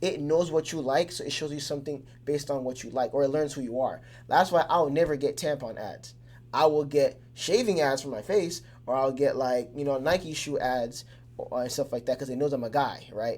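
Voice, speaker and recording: Brief: a man as a relaxed lesson host, loose delivery with plenty of fillers, keeps it simple. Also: medium pitch, fairly quick. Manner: loose and conversational, with many fillers and restarts; keeps things simple with everyday examples. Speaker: teacher. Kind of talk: casual explainer lesson.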